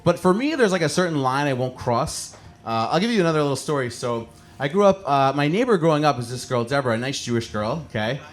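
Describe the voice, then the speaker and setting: A man's voice: fairly high pitch, animated, fast. A man hosting a stand-up comedy show, telling stories to a live audience with lots of chatty fillers and laughs at his own jokes. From American suburbs. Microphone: handheld microphone.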